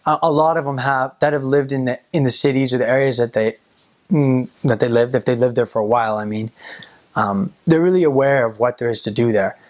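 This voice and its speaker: Man, casual interview, rambling, repeats words, mid-pitched voice. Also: a little fast.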